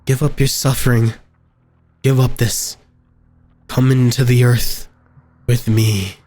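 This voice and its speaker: A man reading the lines of a limping, pleading corpse double in a horror game, in a slow, flat voice over game music. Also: medium pitch, close to an everyday voice.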